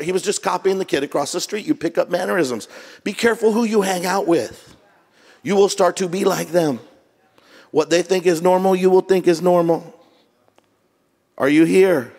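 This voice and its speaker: A man's voice: on the high side, expressive, a little fast, a little mellow. A middle-aged man preaching a sermon as pastor, joking and conversational, jet lagged. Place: church auditorium. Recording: long reverb of a church hall.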